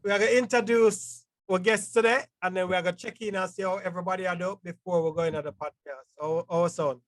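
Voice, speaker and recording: A man hosting a podcast in excitable, laid-back banter. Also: high voice, fast, no echo. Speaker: podcast host. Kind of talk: casual podcast chat.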